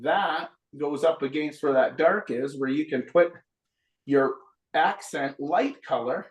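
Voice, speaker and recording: Speaking slowly in a slightly high voice, the man teaches painting live, talking through every step while working on the canvas. The recording has a roomy echo.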